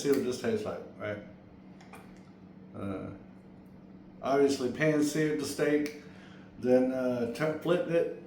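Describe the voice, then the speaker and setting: An excitable, folksy man hosts a home cooking video and talks right to his viewers. His mid-pitched voice rings around an echoey kitchen. The faint clatter of pots and dishes sits behind him. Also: slight background noise. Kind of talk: casual cooking demo and taste test.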